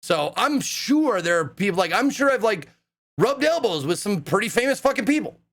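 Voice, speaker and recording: Excitable, profane young man telling stories. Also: high voice, normal speed, vocal fry. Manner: excitable, profane, rambling with many fillers. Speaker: live streamer. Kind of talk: casual storytelling to a live chat.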